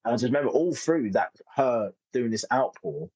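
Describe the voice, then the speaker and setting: A man's voice: medium pitch, expressive, moderate pace, darkish tone, dry recording, poor audio. A man in his thirties, a comedian telling stories in a casual interview, rambling and self-interrupting with frequent laughs. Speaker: comedian guest.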